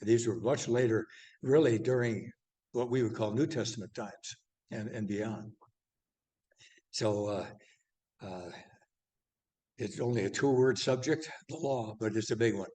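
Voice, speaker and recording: An older man lecturing a church class, halting and rambling with many fillers and restarts. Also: on the low side, warm tone. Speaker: class teacher.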